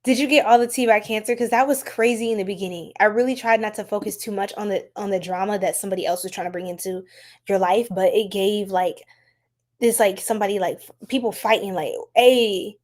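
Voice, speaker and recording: A woman from the United States hosting a casual live-stream tarot reading, chatty and animated, laughing often and talking to her viewers. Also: medium pitch, fast talker.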